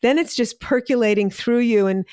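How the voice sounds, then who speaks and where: A woman's voice: on the high side, normal speed, darkish tone, clean tone, no echo, clean studio sound. A woman hosting an interview, reflecting the guest's points back in a thoughtful, affirming way. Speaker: host. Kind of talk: casual interview conversation.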